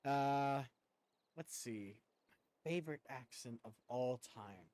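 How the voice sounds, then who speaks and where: Male streamer from the United States, mid-pitched, rambling and casually profane, close dry sound. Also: slow, darkish tone, dry recording. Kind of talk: casual live-stream chat.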